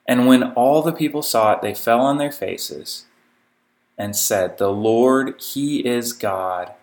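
A man's voice: mid-range voice, slow pace. Man reading scripture with asides. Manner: reads the passage steadily, breaks in with informal asides. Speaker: preacher.

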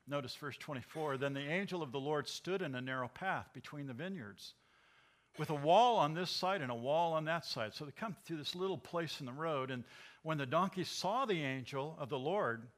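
An older male pastor tells a Bible story with lively, amused energy and chuckles often. His voice sits a little high and comes across bright and forceful. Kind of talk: sermon.

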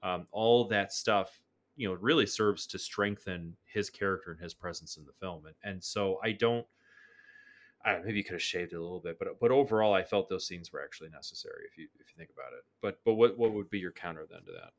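A man co-hosting a film podcast, talking in a lively, animated way and often restarting his sentences. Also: deep voice. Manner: animated, frequent restarts and quick laughs. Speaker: podcast co-host. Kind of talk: casual film discussion.

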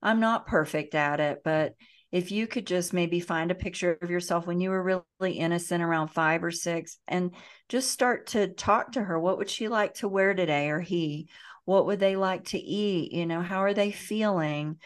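Earnest woman guest on a video call, slightly low pitch, loose and chatty. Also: normal speed. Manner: warm, earnest, speaks with many fillers and restarts. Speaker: guest, emotional healing educator. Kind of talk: casual interview talk.

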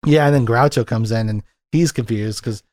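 A man's voice: mid-range voice, moderate pace, darkish tone, dry recording, clean studio sound. A man co-hosting a casual film discussion, rambling and retelling scenes with lots of fillers. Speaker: podcast co-host. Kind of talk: casual chat.

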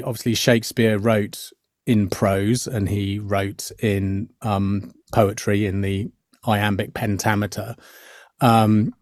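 Low-voiced actor musing with fillers. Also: male voice, darkish tone, dry recording, studio quality. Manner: thoughtful, many fillers and restarts. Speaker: actor guest. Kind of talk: podcast interview.

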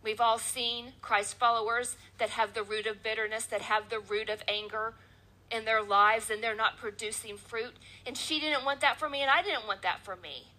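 A woman delivers a sermon from the pulpit with a high voice. Her tone is bright and forceful. She builds each point through rhythmic, repeated phrases. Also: fairly even intonation, moderate pace, poor audio. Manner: emphatic preaching with repeated phrases. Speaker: preacher.

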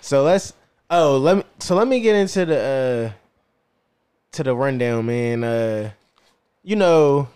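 A man's voice: mid-range voice, animated, slow pace, pauses often, a little mellow, clear, resonant tone. A man hosting a casual podcast chat, rambling and circling back with "you know what I'm saying" as he tells a story. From Philadelphia. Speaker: podcast host. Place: podcast studio.

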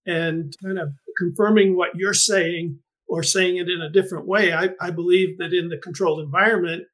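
A man's voice: sits high, steady tone, moderate pace, fairly bright tone. A middle-aged man hosting an interview podcast, speaking thoughtfully with frequent restarts and fillers. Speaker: podcast host and greenhouse researcher. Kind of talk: conversational interview.

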